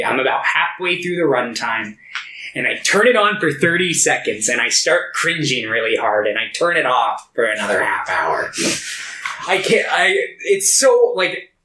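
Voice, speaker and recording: A man's voice: fairly high pitch, lively intonation, measured pace, sharp tone. A young man co-hosting a podcast, chatting casually with sarcastic, exasperated remarks about a movie. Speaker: podcast co-host. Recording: echoey room.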